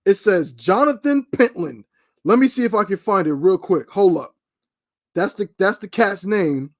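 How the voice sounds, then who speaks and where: A man co-hosting a casual talk show, telling a story with emphatic, animated delivery. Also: high voice, normal speed. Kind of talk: casual podcast chat.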